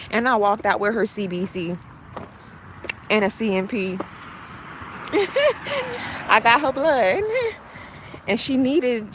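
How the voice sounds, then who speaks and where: A woman's voice: mid-range voice, fairly bright tone. A young woman chatting slangily and boastfully on a casual live phone video. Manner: slangy, chatty, self-hyping. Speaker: live-stream host. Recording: noisy with vehicle sounds behind.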